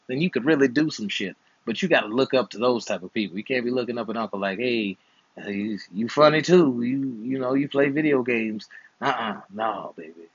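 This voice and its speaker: Young uncle type, playful and slangy, husky voice, dry close sound. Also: male voice, medium pitch, a bit bright, dry recording, lo-fi sound. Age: 20s. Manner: playful, slangy, teasing advice. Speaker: uncle and channel host. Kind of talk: casual chat while gaming.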